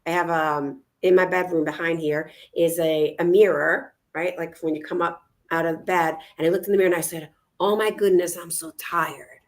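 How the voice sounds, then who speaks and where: A woman's voice: sits low, fairly even intonation, a little fast, hardly any pauses. A woman co-hosting a casual talk show, speaking energetically and encouraging her listeners. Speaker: co-host. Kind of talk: casual chat.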